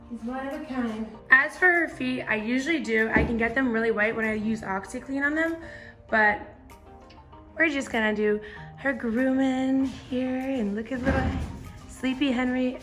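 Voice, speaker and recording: A young woman chatting casually while she washes and grooms her horse, now and then coaxing the animals. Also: fairly high pitch. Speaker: vlogger and horse owner. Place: outdoors and in a barn with horses.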